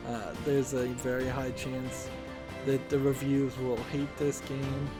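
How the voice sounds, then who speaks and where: A man hosts a relaxed let's-play, wandering from thought to thought with plenty of fillers. His voice sits at an ordinary middle pitch. Game music runs clearly underneath. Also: slow. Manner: rambling, thinking aloud with many fillers. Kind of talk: casual gaming commentary.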